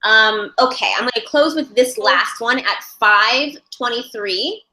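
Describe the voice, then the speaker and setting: A woman with a bright, slightly high voice leads a class, thinking aloud and often restarting her sentences. The room is echoey. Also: measured pace. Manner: thoughtful, searching for words, many restarts. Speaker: ASL interpreting instructor. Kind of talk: teaching a live class.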